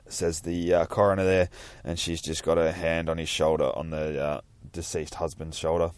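Aussie bloke reading a comic out, very deep voice, swears a lot, dry sound. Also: male voice, little pitch movement, moderate pace, no room sound. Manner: profane, chatty, narrating panels. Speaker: comic reader. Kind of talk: casual comic read-aloud.

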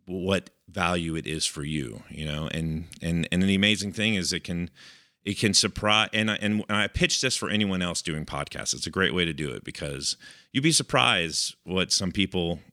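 Male podcast co-host, low voice, sharp tone, chatty and filler-heavy. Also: normal speed, dry recording, studio quality. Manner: rambling, filler-heavy, chuckling. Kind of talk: casual podcast chat.

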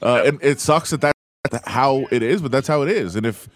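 A man's voice: medium pitch, normal speed. A man co-hosting sports talk radio, blunt and argumentative. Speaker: radio co-host. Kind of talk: casual sports radio chat.

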